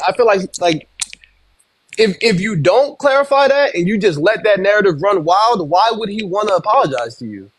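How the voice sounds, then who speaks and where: A man co-hosting a livestream, talking casually and hesitantly with many fillers, trying to calm things down. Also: high voice, normal speed, poor audio. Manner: hesitant, filler-heavy, calming. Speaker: livestream co-host.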